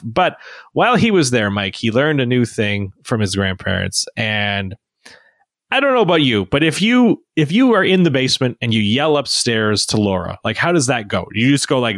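A man in his thirties telling family stories in a casual podcast chat. His pitch leaps up and down as he acts out little quotes. The recording is dry and close, with no room sound. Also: no echo. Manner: animated storytelling with childlike voiced quotes. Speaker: podcast co-host.

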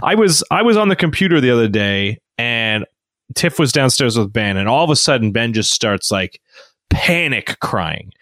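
Man in his thirties, podcast co-host, lively up-and-down delivery, dry sound. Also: mid-range voice, moderate pace, no room sound. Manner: animated storyteller, acts out voices. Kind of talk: casual chat.

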